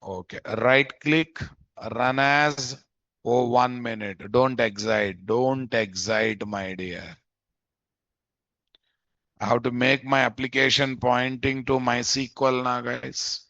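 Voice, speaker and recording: A man's voice: mid-range voice, steady tone, takes it slowly, sharp tone, no echo. Man teaching code, muffled audio. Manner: thinks aloud, repeats phrases, often adds "guys?". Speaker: programming instructor. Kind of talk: live coding lesson. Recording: dull, dry lo-fi mic audio.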